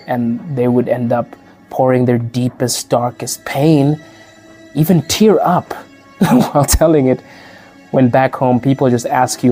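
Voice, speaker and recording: With faint music behind him, this podcast host and teacher from Africa talks to the camera at normal speed in a medium-pitched, dark-toned voice. His manner is casual and full of laughter, and he plays out the people he quotes.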